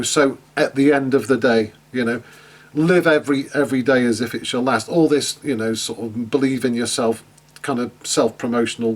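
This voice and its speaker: A man teaching an online class in a chatty way, with many fillers and restarts, asking his students questions. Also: medium pitch. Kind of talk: online lecture.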